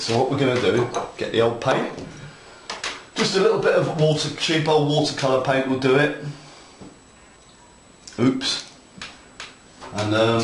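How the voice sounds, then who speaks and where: A man giving a casual hands-on model railroad tutorial, chatty, playful and enthusiastic as he talks viewers through his work. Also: mid-range voice. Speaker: model railroad hobby instructor. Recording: echoey room with faint noise.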